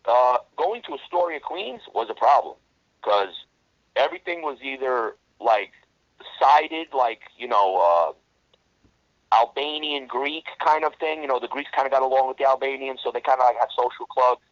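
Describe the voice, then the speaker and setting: A man's voice: mid-range voice, big pitch swings, moderate pace, gravelly, no echo. Blunt streetwise New man. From New York. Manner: blunt, streetwise, heavy swearing. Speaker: interview guest. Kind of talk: casual storytelling interview. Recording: dull lo-fi dry recording.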